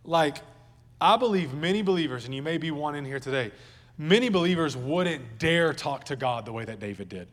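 A man's voice: on the high side, expressive, fairly quick, big-room sound. A male pastor preaching a sermon at a church service in a conversational, joking way, with asides to the congregation.

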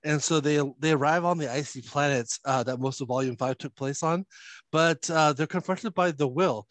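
Rambling man recapping comics, higher voice. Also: normal speed, fairly bright tone, no room sound. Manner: rambling, many fillers and chuckles. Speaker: podcast host. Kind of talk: casual comic book recap chat.

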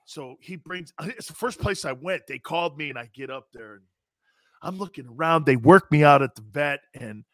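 A man's voice: fairly high pitch, expressive, moderate pace, no room sound. A man co-hosting a sports talk show, a former football player telling locker-room stories with lots of laughter and acted-out quotes. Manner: laughing often, acts out quotes of coaches. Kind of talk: casual sports talk storytelling.

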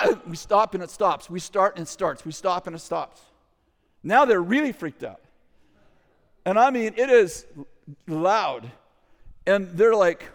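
A middle-aged man telling a story to an audience in a lively way, with loud bursts, acted quotes and chuckling asides. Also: high voice, unhurried. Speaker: ministry leader telling a story. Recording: long hall reverb.

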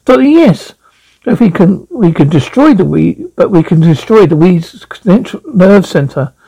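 A man's voice: sits high, big pitch swings, unhurried, creaky, mellow, breathy edge, full character voice, low-quality recording. A man voicing an eager, resourceful male traveller, reading a script and stumbling over words. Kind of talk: script read aloud.

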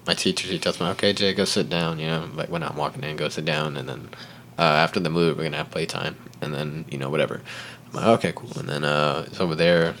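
A young man tells a story on a podcast, easygoing and animated, with a fairly low voice. He keeps saying "like" and "right?" and breaks into laughter. A faint hiss sits under the recording. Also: fast, gravelly. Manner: animated, acts out quotes, laughs often, says "like" and "right?". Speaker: podcast guest. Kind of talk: casual storytelling chat.

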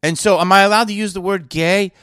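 A man hosts his podcast in a heated, sarcastic rant, firing off one rhetorical question after another. His voice sits a little high for a man, and the sound is dry and close, with no room echo. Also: steady tone, fast, fairly bright tone, clear, resonant tone. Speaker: podcast host and actor. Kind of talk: ranting podcast monologue.

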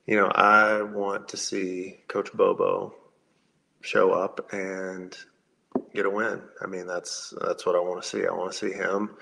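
Deep gravelly-voiced former player. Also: male voice, rough recording. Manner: relaxed, halting, repeats words. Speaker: podcast guest, former college football player. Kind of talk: casual sports chat.

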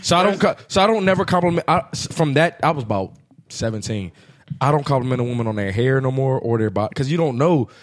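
A man's voice: mid-range voice, expressive, fast. A man co-hosting a casual podcast, telling an embarrassing story about himself in a laid-back, self-mocking way. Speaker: podcast co-host.

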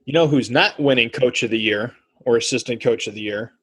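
Man, husky voice, casual sports podcast co-host, animated. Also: mid-range voice, brisk. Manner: animated, acts out quotes in voices.

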